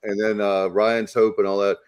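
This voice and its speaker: A man's voice: on the low side, little pitch movement, normal speed, clean tone, dry recording. Eager, chatty middle-aged man. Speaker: sports talk show co-host. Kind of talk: casual chat.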